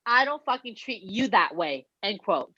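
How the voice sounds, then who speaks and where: A woman co-hosting a casual podcast, retelling a show with animated energy, swearing freely and acting out what people said. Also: mid-range voice, moderate pace, breathy edge, dry recording. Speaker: podcast co-host. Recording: dull lo-fi recording.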